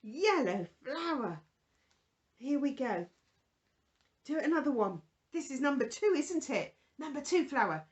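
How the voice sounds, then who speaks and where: A woman presenting a children's Bible lesson, talking gently and with exaggerated feeling to toddlers and a puppet. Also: sits high, very animated, measured pace, long pauses.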